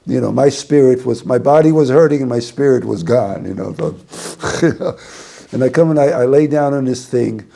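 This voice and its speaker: A man's voice: mid-range voice, normal speed, gravelly, warm tone. A man, a rabbi, giving an informal talk to a small group, rambling through a story with many restarts.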